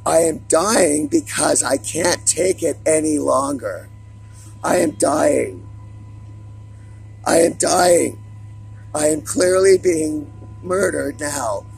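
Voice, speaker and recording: Man, high-pitched, raspy and husky, gravelly, agitated profane rant, vlog. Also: slow, pauses often, faint music behind, rough recording. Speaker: vlogger. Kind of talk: angry monologue to camera.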